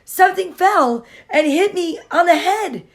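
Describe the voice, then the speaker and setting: A woman's voice: extremely high pitch, animated, a little slow, pitched above the performer's own voice, heavily acted. A woman voicing a small, earnest hen in a storybook reading, insistent and bravely serious.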